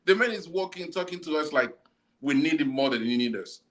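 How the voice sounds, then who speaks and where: A man's voice: fairly high pitch, expressive, a little fast, fairly bright tone. A man hosting a casual football chat, ranting bluntly and repeating himself as he argues.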